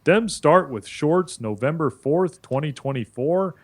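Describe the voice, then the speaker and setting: A stubborn chatbot voiced by a male text-to-speech voice argues every point. The pitch swings freely and the tone has a husky edge. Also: unhurried. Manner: argumentative, corrects others flatly. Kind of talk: voice assistant banter.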